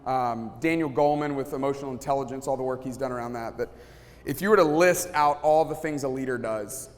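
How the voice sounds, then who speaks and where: A pastor speaking casually to a live audience, telling stories and acting out what people said, with many restarts. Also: male voice, medium pitch, fairly quick. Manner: storytelling, acts out quotes, many restarts. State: sweating, feels hot. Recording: long hall reverb.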